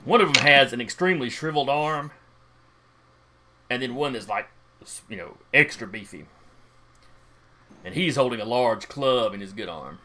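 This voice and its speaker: A man's voice: mid-range voice, lively intonation, normal speed, long pauses, sharp tone. A man running a tabletop game as game master, describing the scene in a casual, folksy way.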